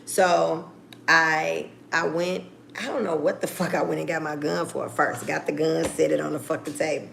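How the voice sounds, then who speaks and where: Gravelly low-voiced woman telling a story. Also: fairly even intonation, moderate pace, noisy background. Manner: blunt, profane, acts out phone calls. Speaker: vlogger. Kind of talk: casual storytelling.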